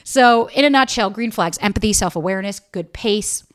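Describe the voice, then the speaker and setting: A young woman talks straight into the mic on her own podcast. She is blunt and lively, swears often and leans into her points. Her voice sits in a middle pitch, recorded close and dry. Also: normal speed, no room sound. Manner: blunt and animated, swears freely, mimics people in quotes. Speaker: podcast host. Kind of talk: casual solo podcast advice.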